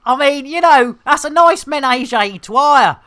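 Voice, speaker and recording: A middle-aged British man chatting casually and cheekily while live-streaming a space game, full of jokes and sudden excited exclamations. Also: extremely high pitch, a little slow. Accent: British English.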